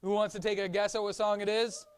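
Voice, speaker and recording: A woman teaching a children's Sunday school class, coaxing the kids, singing and shouting along with them in a church classroom. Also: mid-range voice, flat delivery, fast talker, clean tone. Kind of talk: leading kids in song and chat.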